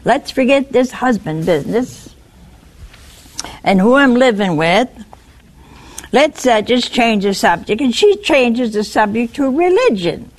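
A woman's voice: fairly high pitch, a little slow. A woman preacher delivering a sermon, talking straight to her listeners and asking them questions. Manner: animated, questioning the listeners directly.

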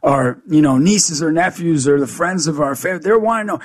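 A man's voice: fairly high pitch, a little fast, hardly any pauses, dry recording, studio quality. A man as a guest in a faith interview, earnestly telling a story and acting out the dialogue. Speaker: guest speaker.

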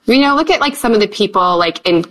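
A woman's voice: mid-range voice, lively intonation, fast, fairly bright tone, rough recording. A woman in her thirties from the United States, a guest talking earnestly and chattily in a candid conversation. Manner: earnest, chatty, many "like" fillers.

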